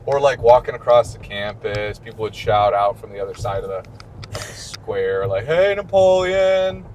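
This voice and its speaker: A man with a Midwestern American accent, a priest hosting a casual chat during a car ride and telling stories with lively quotes. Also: on the low side, normal speed, slight background noise. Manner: chatty, storytelling with mimicked quotes. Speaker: priest and podcast host.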